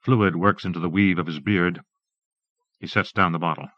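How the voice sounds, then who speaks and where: A man narrating a literary audiobook in a measured, even reading. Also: low-pitched, no echo. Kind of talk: scripted narration. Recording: dull dry tape recording.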